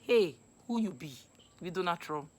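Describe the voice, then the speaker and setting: Young Nigerian woman, casual vlog monologue, animated and scolding, lowish voice. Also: normal speed. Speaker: vlogger. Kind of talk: casual Pidgin advice monologue.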